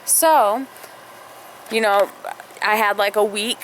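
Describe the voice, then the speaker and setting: A woman's voice: mid-range voice, slow pace, slight background noise, rough recording. A young woman vlogger telling a rambling story in casual chat, full of fillers. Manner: rambling, filler-heavy, acts out quotes.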